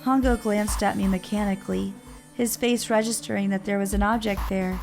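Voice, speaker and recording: Young female narrator, read by a man, slightly high, steady storybook delivery, music behind. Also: a little fast, gravelly. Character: young woman narrator, frightened. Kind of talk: reading game text aloud.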